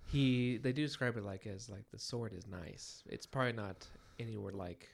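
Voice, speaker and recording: A man's voice: on the low side, moderate pace, gravelly. A young man co-hosting a casual book podcast, laid-back, chiming in with asides and comparisons. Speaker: podcast co-host.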